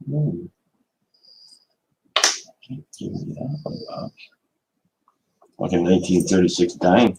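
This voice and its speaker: A man with a low, creaky voice hosts a laid-back coin giveaway stream, taking his time while his pitch leaps up and down. He swears freely and makes mock threats at viewers for laughs. A steady background noise sits under the recording. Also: slow, long pauses. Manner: profane, joking, bursts of mock anger. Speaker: coin channel host. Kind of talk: casual live-stream giveaway chat.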